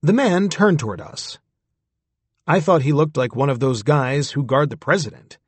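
A man with a husky voice narrating a story in the first person, in a close, dry recording. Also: on the high side, moderate pace, dry recording. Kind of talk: scripted audiobook narration.

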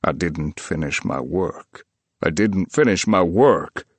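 A man voicing a grieving male writer in low, heavy despair. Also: animated, slow pace, breathy edge, dry recording, full character voice.

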